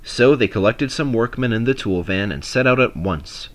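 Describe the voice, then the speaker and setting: A man reading a railway storybook aloud in a measured, expressive narration. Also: mid-range voice.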